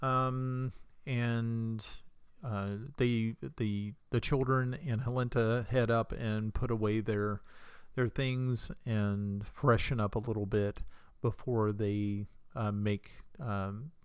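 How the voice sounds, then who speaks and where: A man narrating a tabletop game as game master, speaking haltingly with many fillers. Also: fairly low pitch, little pitch movement, clean tone, dry recording, clean studio sound. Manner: hesitant, full of fillers.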